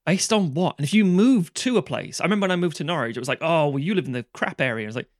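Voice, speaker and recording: A man's voice: on the high side, expressive, fast, no room sound. Sweary man ranting, dry sound. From London, England. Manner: ranting and sweary, acting out quoted people. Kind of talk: casual chat.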